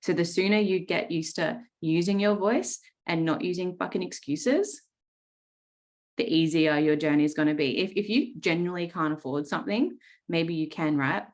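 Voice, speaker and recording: A woman's voice: lowish voice, normal speed, darkish tone. An Australian woman in her thirties coaching traders on a video call, blunt and swearing freely, often checking in with "right?". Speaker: trading coach. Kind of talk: live coaching session talk.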